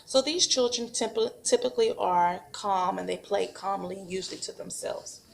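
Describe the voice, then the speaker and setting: A woman preschool teacher demonstrating a craft activity at home and giving parenting tips, speaking slowly and patiently. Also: medium pitch, creaky. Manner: patient, slow and encouraging, models sing-song animal sounds for toddlers.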